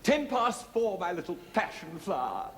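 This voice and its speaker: An actor playing a posh English gentleman in a farce, with a plummy, drawling manner. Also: high voice, very animated, moderate pace, in a large hall, very noisy, pitched below the performer's own voice. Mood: smarmy. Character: posh English gent Basil, a bold lover.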